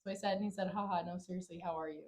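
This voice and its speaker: A woman's voice: fairly low pitch, fairly even intonation, rapid-fire, darkish tone. A young woman co-hosting a casual podcast chat, telling stories animatedly and quoting herself with big jumps in her voice. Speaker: podcast co-host.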